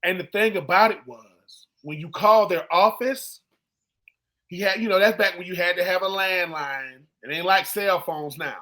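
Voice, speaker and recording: A man's voice: sits high, normal speed. A man in his forties co-hosting a sports podcast, telling stories casually and acting out the people he quotes. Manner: animated storyteller who acts out quoted people. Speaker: co-host, former football player.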